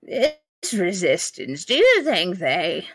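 A woman's voice: fairly low pitch, wildly swooping pitch, slow, breathy edge, no echo, exaggerated voice. A woman voicing a whining, white-haired old male magician who demands answers. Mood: indignant.

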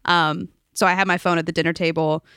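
A woman's voice: on the low side, little pitch movement, fast talker, sharp tone, clean tone, no echo, clean studio sound. A young woman co-hosting a podcast in casual chat, telling stories and acting out quotes with laughs. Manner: chatty storyteller, acts out quotes with laughs. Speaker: podcast co-host.

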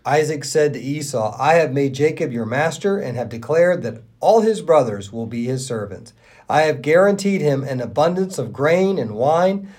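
Man reading scripture with lively quotes. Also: on the high side, moderate pace, slightly rough. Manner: expressive reader who lifts his voice for quoted speech. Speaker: Bible reading podcast co-host. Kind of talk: reading scripture aloud, lightly acting the quotes.

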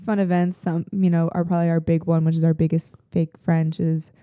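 A woman's voice: sits low, flat delivery, a little fast, no room sound, lo-fi sound. A woman chatting casually as a podcast co-host, telling stories and laughing often. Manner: giggly, warm storyteller, laughs often. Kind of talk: casual chat.

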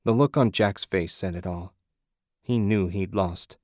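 A man giving steady, measured scripted narration of an audiobook. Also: low voice, dry recording, clean studio sound.

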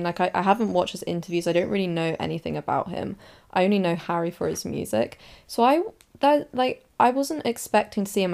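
A woman's voice: mid-range voice, gravelly, darkish tone. A young woman, hosting a podcast in casual chat, gushing and rambling with lots of "like" and restarts. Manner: chatty, gushing, full of "like" and restarts. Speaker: podcast host.

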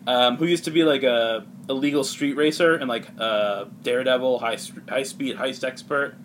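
A man's voice: medium pitch, moderate pace, a bit bright, a little hiss or hum. A man casually recapping a comic for friends, rambling with lots of filler words. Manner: rambling, heavy use of "like", laughs often. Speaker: podcast host recapping a comic. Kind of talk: casual chat.

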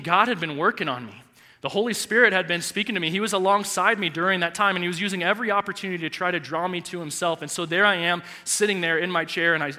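A male pastor in his thirties preaching a sermon in a large church, telling a personal story with animated, heartfelt delivery. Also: sits high. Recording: echoey church hall reverb.

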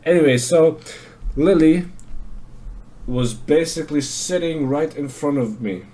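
In this loose one-man podcast monologue, the host swears, meanders, and keeps stumbling into filler words and fresh starts. He sounds slightly high-pitched and mellow, speaking a bit slowly.

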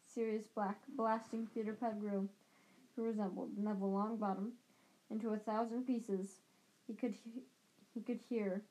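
A woman's voice: medium pitch, warm tone, rough recording. A woman reading a novel aloud as an amateur audiobook reader, with occasional slips and restarts.

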